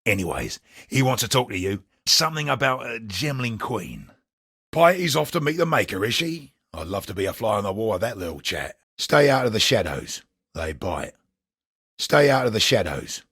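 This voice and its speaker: An actor playing a gruff, sardonic male gambler in a video game, with a wry, husky drawl. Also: lowish voice, very animated, moderate pace, fairly bright tone, no echo, clean studio sound, full character voice. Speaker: game character.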